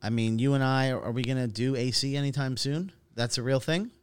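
A man's voice: medium pitch, brisk, clear, resonant tone, dry recording. A man co-hosting a podcast in casual chat, easygoing, laughing often and prompting the other host with questions.

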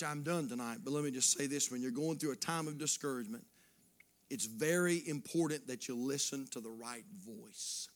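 High, fervent preaching man. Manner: swings from hushed near-whispers to loud fervent preaching; repetitive, rhythmic exhortation. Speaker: pastor. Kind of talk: sermon.

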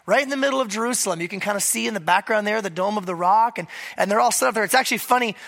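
A middle-aged pastor with a cold, preaching a sermon to a church that meets in a high school, relaxed and joking between points. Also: rapid-fire, creaky. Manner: conversational with joking asides. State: hoarse from a cold.

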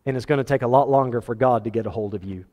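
A man's voice: very fast, a little mellow. Earnest man preaching in a reverberant hall. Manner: earnest preaching, voice rising high when pressing a point. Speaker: pastor. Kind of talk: sermon.

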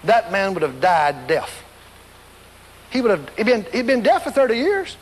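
A man's voice: high voice, huge pitch swings, normal speed, long reverb tail. A man preaching a storytelling sermon, acting out scenes and voices and laughing along as he goes.

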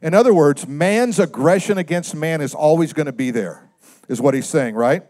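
A man preaching a sermon in a conversational way, often asking the congregation questions and swinging from loud emphatic lines to quiet low asides. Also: very animated, measured pace. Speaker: pastor.

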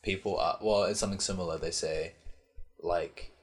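A man with a fairly low voice hosts a podcast, talking loosely and joking. He laughs often and swears without a second thought. It is easygoing chat between friends. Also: steady tone, normal speed. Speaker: podcast host. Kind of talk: casual chat.

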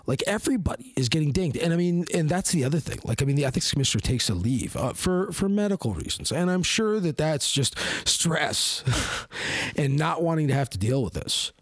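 A man's voice: a little high, expressive, fairly quick, no room sound. A man hosting a podcast, delivering a heated, rambling opinion monologue full of fillers. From Canada. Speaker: podcast host.

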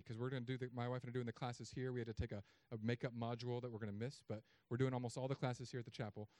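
A pastor in his thirties preaches a sermon, telling stories animatedly with sudden loud, high bursts. The recording has no room sound.

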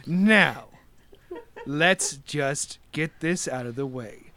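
Man putting on a hushed sinister old woman. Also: lively intonation, drawn-out words, heavily acted. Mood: menacing. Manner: low, hushed and sinister, sometimes whispering. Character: sly menacing old woman archivist.

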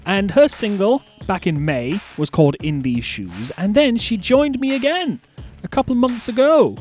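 A man with a mild Scottish accent hosting a podcast interview, chatty and jokey. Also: on the high side. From Scotland. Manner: chatty and jokey, lively delivery. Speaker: podcast host. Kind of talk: casual chat interview.

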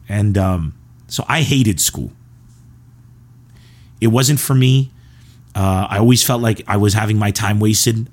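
A comedian from Lebanon telling rambling, animated stories about his school days. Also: on the low side. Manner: rambling and animated, with quick asides. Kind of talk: casual storytelling.

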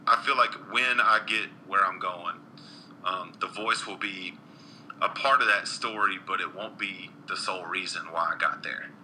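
Man, low pitch, bright forceful tone, earnest, rambling, many ums, faint noise. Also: moderate pace, low-quality recording. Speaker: guest country singer. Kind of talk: casual interview chat.

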